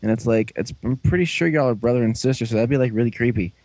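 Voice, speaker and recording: A man casually recapping a show, rambling along and jumping into quick put-on voices for the characters. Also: medium pitch, darkish tone, dry recording, low-quality recording.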